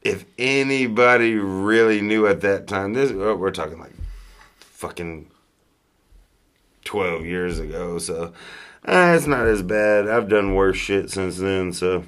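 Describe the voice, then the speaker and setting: Low-voiced Southern man, rambling and profane. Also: takes it slowly. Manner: rambling, profane, gets loud and laughing as the story builds. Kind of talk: casual storytelling chat.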